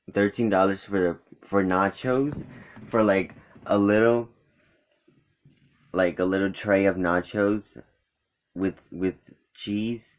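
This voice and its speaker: Speaking in a lowish voice, a young man vlogs casually about a day spent with friends, rambling animatedly and voicing what each of them said.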